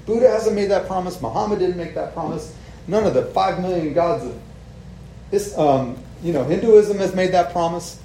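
A man's voice: on the high side, normal speed, mellow. A man preaching a sermon in a casual, conversational way, often asking "right?" to the congregation. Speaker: pastor. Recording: echoey room with faint ambient noise.

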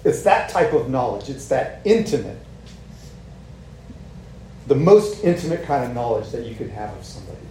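A man's voice: medium pitch, big pitch swings, moderate pace, long pauses, dark tone. A man preaching a sermon in a casual, conversational way, often asking "right?" to the congregation. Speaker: pastor. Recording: echoey room with faint ambient noise.

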